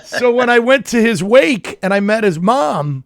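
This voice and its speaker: A man's voice: very high voice, measured pace, creaky, no echo, clean studio sound. A male comedian co-hosting, telling stories in casual chat and acting out the people in them. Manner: animated, acts out characters and sound effects. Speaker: comedian co-host.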